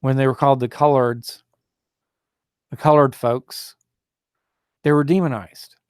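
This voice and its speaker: A man's voice: medium pitch, fairly even intonation, unhurried, smooth, no echo, studio quality. Indignant rambling male talk host. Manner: rambling and indignant, many fillers and restarts; mocks opposing views in a raised, sneering voice. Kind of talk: solo talk show monologue.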